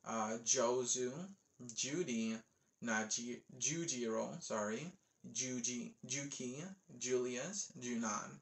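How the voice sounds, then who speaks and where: A man slowly reading out a long list of names, one at a time, with offhand casual asides. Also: medium pitch. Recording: roomy echo.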